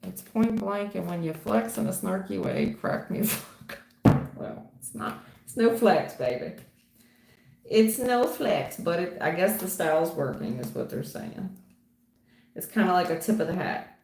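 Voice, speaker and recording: A woman's voice: fairly low pitch, normal speed, creaky, a little mellow. A woman reading tarot for viewers on a livestream, blunt and casual, calling people hun and baby, laughing and swearing. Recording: roomy echo with faint noise.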